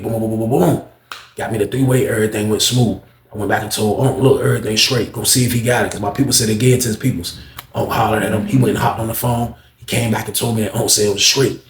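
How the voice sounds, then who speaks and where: A man telling a casual story in animated slang, acting out the voices. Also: fairly low pitch, a little hiss or hum. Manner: animated, slangy, acts out every voice. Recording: roomy echo.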